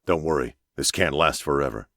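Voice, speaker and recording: A man voicing a calm male expedition captain who gives firm, commanding orders, in an audiobook. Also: a bass voice, a little fast, no echo, clean studio sound, exaggerated voice. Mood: steady. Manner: firm, commanding radio calls. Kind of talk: audiobook character voice.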